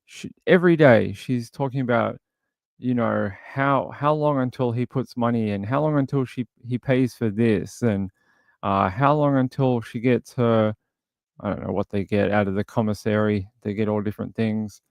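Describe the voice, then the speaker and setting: A man's voice: medium pitch, normal speed, creaky, darkish tone, no echo. A man hosting a casual livestream, chatting and thinking aloud as he scrolls through material. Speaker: livestream host.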